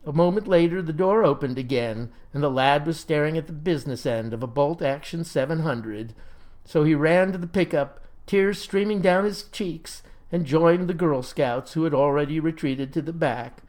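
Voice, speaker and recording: A man narrating a comic story in a folksy, deadpan manner. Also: a little high, normal speed.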